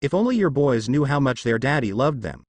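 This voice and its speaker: A smug male demon, as a man reads him, mocking at every turn. Lively pitch, dry close sound. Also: a little fast, no echo.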